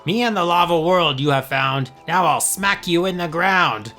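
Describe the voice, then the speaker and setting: A man's voice: a little high, animated, normal speed, bright, forceful tone, faint music behind, pitched above the performer's own voice. A man voicing a scheming female witch as he reads his own story aloud, in a gloating, taunting manner.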